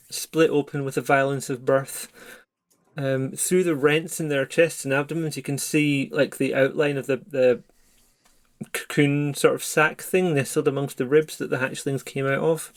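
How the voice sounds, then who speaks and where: A man running a horror tabletop game as game master, describing scenes in measured narration. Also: mid-range voice.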